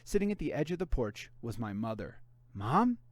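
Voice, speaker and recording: A man, a volunteer reader, narrating a first-person mystery novel aloud in an expressive way. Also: mid-range voice, quick pace, no room sound.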